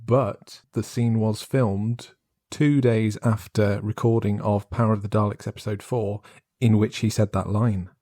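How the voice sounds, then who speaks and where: A man's voice: lowish voice, steady tone, measured pace, mellow, no room sound, studio quality. A man co-hosting a podcast, talking things over in a thoughtful, detailed way. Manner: thoughtful, detailed, reads quotes from scripts. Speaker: podcast co-host. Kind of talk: casual discussion.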